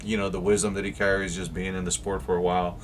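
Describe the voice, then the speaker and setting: A young man co-hosting a casual motorsport recap, laid-back and agreeable, giving measured opinions with plenty of fillers. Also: low-pitched, level tone, slight background noise. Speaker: co-host. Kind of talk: casual recap commentary over race footage.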